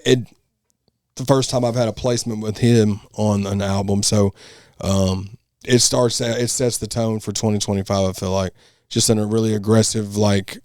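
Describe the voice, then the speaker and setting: A man, a rapper co-hosting a podcast, who talks in a relaxed, halting way with many fillers. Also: fairly low pitch, dry recording, clean studio sound. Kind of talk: casual podcast chat.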